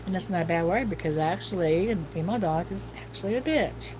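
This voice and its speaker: A woman's voice: lowish voice, fast, noisy background. A middle-aged woman hosting a casual livestream, talking in a chatty, folksy, rambling way. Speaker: livestream host.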